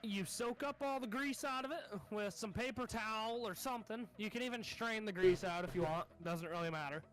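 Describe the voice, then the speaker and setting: A woman's voice: a little high, brisk, faint music behind. A woman playing a tabletop game who talks in a crude, profane, joking way during casual chat. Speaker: player.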